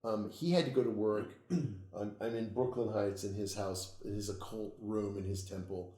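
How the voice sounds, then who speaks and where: A man, an occult author, telling stories in a casual interview, swearing freely and getting animated. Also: fairly low pitch, normal speed, roomy sound. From United States. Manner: profane, animated storytelling, laughs at own tales.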